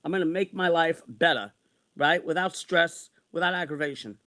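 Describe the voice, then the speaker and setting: A man's voice: on the high side, moderate pace, pushed and bright. Agitated man in his sixties ranting. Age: 60s. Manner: heated, repetitive, swearing. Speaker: vlogger. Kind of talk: angry personal rant.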